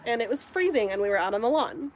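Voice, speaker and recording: A woman's voice: a little high, expressive, fast, a little hiss or hum. A young woman from the United States talking casually while crafting, gushing and rambling with lots of fillers. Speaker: crochet vlogger.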